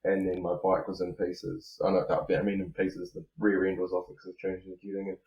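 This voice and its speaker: Guesting on a podcast, a motocross rider rambles through a relaxed, casual chat, leaning heavily on fillers. He has a deep, a little mellow voice with completely flat delivery at a slightly fast pace, captured on a muffled recording with roomy echo.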